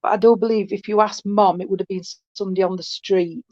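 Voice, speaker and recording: A woman's voice: medium pitch, fairly even intonation, fast, a little mellow, dry recording. Woman, medium, chatty, affectionate, dull dry call audio. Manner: chatty, affectionate, calls people sweetheart. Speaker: spiritualist medium. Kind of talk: online mediumship reading.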